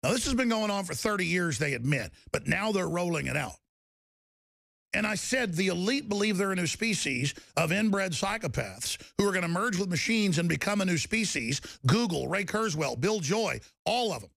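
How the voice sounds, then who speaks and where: A middle-aged man hosting a talk show, delivering an impassioned ranting monologue that swings from loud outbursts to low, intense passages. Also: animated, moderate pace, vocal fry, no room sound.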